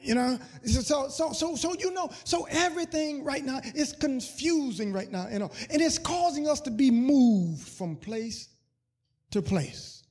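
A man's voice: extremely high pitch, expressive, measured pace, a little mellow. A man preaching a sermon as pastor, repeating words and building to fervent, sung emphasis on scripture.

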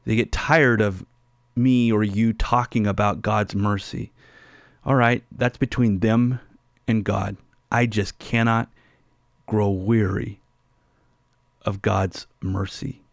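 A man's voice: lowish voice, steady tone, slow pace, vocal fry, long pauses, no echo, clean studio sound. A man hosting a radio Bible teaching show with callers, speaking emphatically and repeating key phrases for stress.

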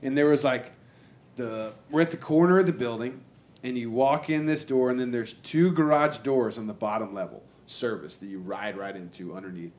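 A man telling a long road-trip story in casual, profane chat, jumping into higher voices to act out what people said. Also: normal speed. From Texas. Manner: animated, acts out quotes in a raised voice, lots of "like" and swearing. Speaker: storyteller guest.

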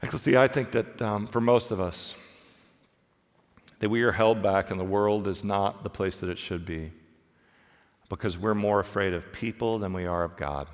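A middle-aged male pastor preaching a sermon in a conversational way, often acting out the voices of the people he quotes. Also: normal speed. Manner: conversational preaching, acts out quoted voices, pitch swings widely. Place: church sanctuary. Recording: reverberant church hall.

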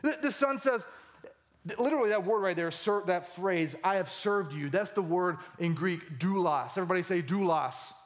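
High-voiced animated preacher man. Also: moderate pace. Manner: animated, voice rising high for emphasis. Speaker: pastor. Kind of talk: sermon.

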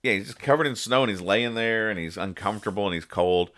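A man with a fairly low, slightly bright voice talks fast as he hosts a casual podcast. Reading comics, he rambles and jokes, making sure to explain each punchline.

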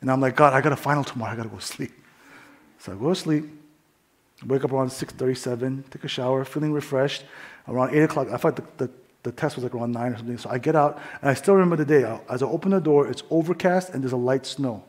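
A young man preaching his testimony, swinging between hushed whispers and loud fervent bursts. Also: medium pitch, quick pace. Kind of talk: testimony sermon.

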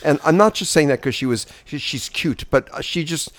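A man's voice: fairly high pitch, lively intonation, brisk, fairly bright tone. A man co-hosting a casual film podcast. He is agreeable and often echoes or rephrases what his partner says. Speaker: podcast co-host.

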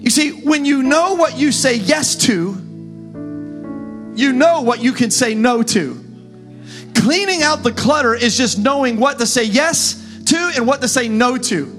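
High-voiced preaching man over music. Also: animated, a little slow. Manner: impassioned preaching, rising to shouts. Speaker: pastor. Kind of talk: sermon.

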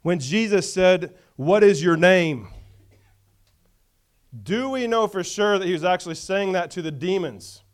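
A man's voice: high-pitched, moderate pace, few pauses. A male pastor preaching a conversational sermon, often checking in with the congregation.

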